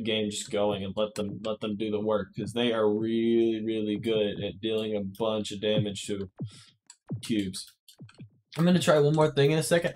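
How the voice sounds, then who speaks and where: A man's voice: medium pitch, a little hiss or hum. A man giving casual gameplay commentary to his viewers, chatty and often correcting himself. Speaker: gaming YouTuber.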